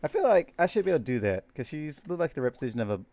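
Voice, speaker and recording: Man doing laid-back game commentary, muses aloud, animated pitch. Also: rapid-fire. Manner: low-key, musing to himself. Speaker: gamer.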